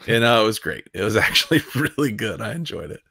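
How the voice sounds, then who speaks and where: Man, podcast host, gravelly husky voice, fairly low, dry close sound. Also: fast, no echo. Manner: relaxed, affirming interjections. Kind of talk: casual interview chat.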